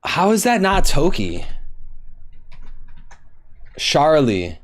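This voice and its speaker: A man's voice: mid-range voice, very animated, slow pace, long pauses. A young man live-streaming, guessing quiz answers aloud, swearing in frustration and talking to his chat while typing.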